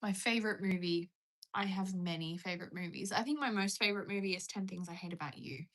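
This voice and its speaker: A woman's voice: medium pitch, quick pace. A young Australian woman hosting a casual livestream, chatting in a rambling, self-mocking way while she reads out viewer comments. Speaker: livestream host.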